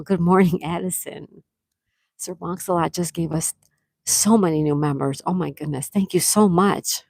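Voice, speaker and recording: Woman host on a live stream reading chat, gasping n gushing thanks, lowish voice, dry close sound. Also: dry recording. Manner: excited, gushing thanks, frequent gasps. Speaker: livestream host.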